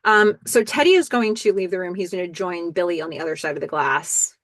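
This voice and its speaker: A woman's voice: fairly low pitch, brisk, a bit bright, dry recording. Chatty woman recapping a show. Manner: chatty, thinks aloud with ums and asides. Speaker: podcast host. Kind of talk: casual episode recap.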